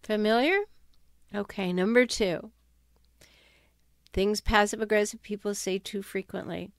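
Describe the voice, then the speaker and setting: A woman giving advice on toxic relationships in an emphatic, animated way. She sometimes drops her voice to act out quoted sarcastic remarks. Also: medium pitch, measured pace, pauses often, dry recording, clean studio sound. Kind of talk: talking-head advice video.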